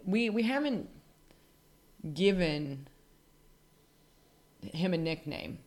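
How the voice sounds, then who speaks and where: A woman's voice: lowish voice, lively intonation, very slow, darkish tone. An American woman co-hosting a podcast, chatting casually with blunt, sweary rambling. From United States. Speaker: podcast co-host. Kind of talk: casual chat.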